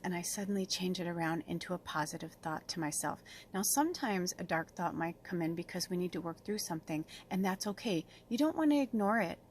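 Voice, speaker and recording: A woman giving a spiritual card reading as host, talking in a gentle, affirming way that rambles with fillers. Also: mid-range voice, slight background noise. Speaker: tarot and oracle card reader.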